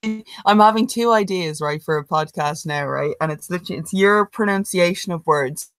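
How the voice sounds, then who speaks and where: A woman's voice: fairly low pitch, moderate pace, soft background music, poor audio. A hungover woman, co-hosting a podcast over a video call and talking bluntly with swearing and laughs. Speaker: podcast co-host. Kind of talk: casual chat.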